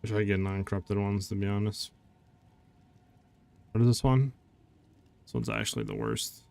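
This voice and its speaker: A low-voiced man streaming a game and talking to his chat as he plays. He keeps up a laid-back, chatty stream of comments and asides. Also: sing-song, moderate pace, creaky, darkish tone, smooth. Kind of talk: casual live-stream chat while gaming.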